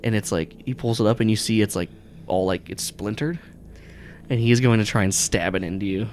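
A man's voice: on the low side, a little fast, darkish tone, a little hiss or hum. A man narrating as game master in a tabletop game, rambling with lots of fillers and swearing.

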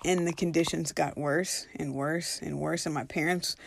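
A woman's voice: low-pitched, fairly even intonation, normal speed, gravelly. A woman telling a personal spiritual story in an earnest, reflective way, now and then acting out her own past reactions.

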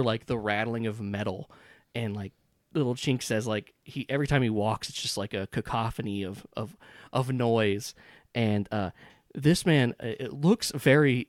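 A man's voice: mid-range voice, dry recording, clean studio sound. A man narrating a horror tabletop game as game master, rambling through descriptions. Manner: rambling with many fillers and restarts.

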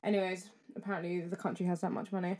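A woman's voice: on the low side, flat delivery, quick pace, a little mellow. A young woman, co-hosting a podcast in casual chat, enthusiastic and slangy. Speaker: podcast co-host.

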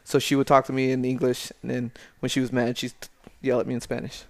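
A man speaks as a guest on a podcast, relaxed and full of jokes. His voice has a gravelly, creaky edge at an ordinary pitch. He laughs easily between his points. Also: fast talker. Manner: laughs often, jokey. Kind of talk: casual chat.

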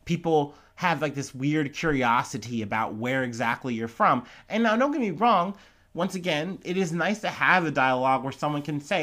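A man's voice: fairly high pitch, normal speed. A man giving a casual commentary on a story, rambling with lots of fillers and restarts. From United States. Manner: rambling, filler-heavy, animated retelling.

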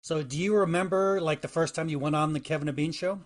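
A man with a slightly high voice co-hosts a podcast. He draws the guest out with short prompting questions. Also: fast. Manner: asks prompting interview questions. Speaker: podcast co-host. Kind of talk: casual remote chat.

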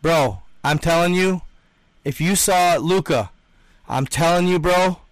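A man's voice: on the high side, unhurried, no echo. A young man hosting a livestream, chatting and reading out comments in an emphatic, slangy way, repeating himself often. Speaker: livestream host.

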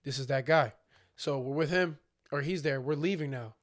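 A young man co-hosting a podcast tells a story in loose, slangy chat, animatedly acting out his friends' lines. His voice runs on the high side at a normal speed.

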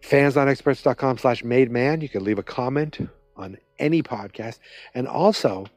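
A man's voice: medium pitch, moderate pace, a little mellow, no room sound, soft background music. Rambling man recapping an episode. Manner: rambling, self-interrupting, conversational. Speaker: podcast host.

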